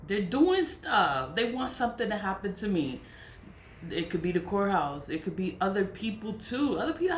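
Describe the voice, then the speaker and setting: A woman rambles through a casual monologue, circling back on the same phrases and bursting into giggles. Her voice sits at a middle pitch. The room is echoey, with a faint hiss of noise behind her. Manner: rambling, repetitive, bursts of giggling laughter, swears. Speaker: self-styled witch vlogger.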